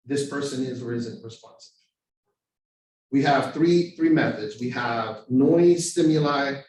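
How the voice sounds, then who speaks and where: Male trainer, lively casual delivery, distant mic in a very reverberant room. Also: fairly high pitch. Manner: animated storytelling with acted street voices. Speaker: overdose prevention trainer. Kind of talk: live training talk. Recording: very echoey room, far from mic.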